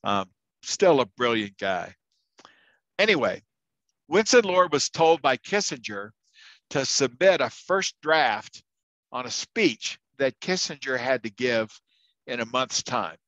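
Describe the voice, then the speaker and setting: A slow, sing-song male voice, mid-range and slightly bright, comes through a low-quality recording without echo. He's a university instructor spinning anecdotes in a chatty lecture, stumbling through fillers and restarts.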